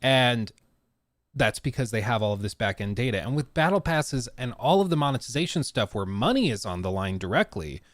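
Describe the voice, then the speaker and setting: A young adult man co-hosting a casual podcast, animated and acting out quotes with big pitch swings. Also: fairly quick, no echo, clean studio sound. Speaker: podcast co-host.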